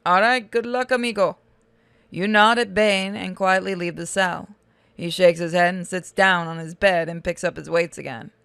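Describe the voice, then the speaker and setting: Smooth-voiced woman narrating a text game. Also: lowish voice, steady tone, moderate pace, a bit bright, dry recording. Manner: casual, reading game text aloud. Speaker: let's-play host.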